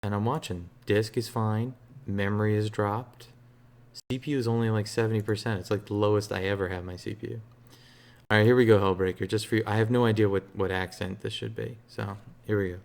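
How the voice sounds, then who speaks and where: A man streaming games, chatting casually in a relaxed, rambling way with a soothing voice and lots of fillers. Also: on the low side, a little fast, vocal fry. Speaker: game streamer. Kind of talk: casual live-stream chat.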